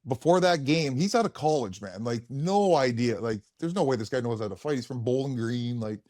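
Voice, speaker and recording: A man's voice: medium pitch, animated, fairly quick, darkish tone, no room sound, clean studio sound. A man in his thirties, a former pro hockey player, telling stories in casual chat, laughing often and rambling with many restarts.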